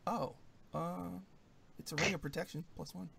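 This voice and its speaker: A man narrating as game master of a tabletop game, in a playful, animated way. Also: on the high side, normal speed, gravelly, a little hiss or hum.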